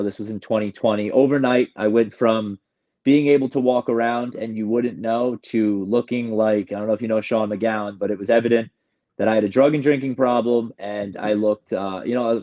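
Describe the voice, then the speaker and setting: A man's voice: lowish voice, fairly even intonation, fairly quick, mellow, dull audio. Emotional man telling his recovery story. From New York. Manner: emotional, rambling, restarts often. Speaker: guest sharing recovery story. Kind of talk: candid personal storytelling.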